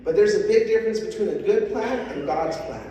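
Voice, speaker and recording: High-voiced man booming in an echoey hall. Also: lively intonation, fairly quick, dark tone, a little hiss or hum. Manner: emphatic, calls on the crowd to repeat lines. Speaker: motivational speaker. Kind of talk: motivational stage speech. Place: large hall with an audience. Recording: echoey hall, distant mic, crowd.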